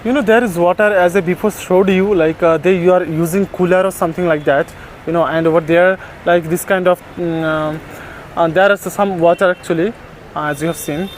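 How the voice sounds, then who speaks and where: A man narrating a casual vlog outdoors as he checks on stray dogs, talking to them softly and tenderly. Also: high voice, steady tone, fairly quick, slight background noise. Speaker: vlogger caring for stray dogs. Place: outdoors, on a terrace.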